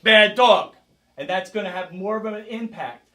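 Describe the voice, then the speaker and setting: With a group of participants in the background, a karate instructor coaches a self-defense class with energy, shouting out drills. His voice is high and his pace fairly quick.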